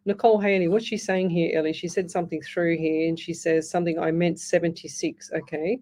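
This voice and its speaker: A woman's voice: fairly low pitch, little pitch movement, fairly quick, mellow. A woman hosting a live radio show, giving psychic readings in a reassuring, repetitive way with many restarts. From Australia. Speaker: psychic medium radio host.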